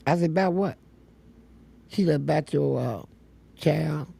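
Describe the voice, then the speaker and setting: A man's voice: a little high, a little slow, gravelly, dark tone, slightly rough. A man telling blunt, profane stories as a guest in an interview. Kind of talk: storytelling interview.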